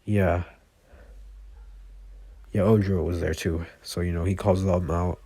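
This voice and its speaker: Guy rambling thru a made-up fan story, low gravelly voice, dry sound. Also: fairly even intonation, a little slow, mellow, dry recording. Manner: rambling, lots of fillers and self-corrections. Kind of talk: casual improvised fan storytelling.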